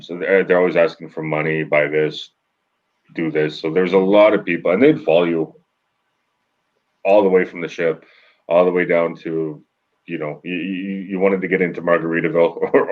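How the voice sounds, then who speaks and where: A man speaking as a guest in a casual chat, hesitant with frequent restarts. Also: sits low. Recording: dull muffled mic.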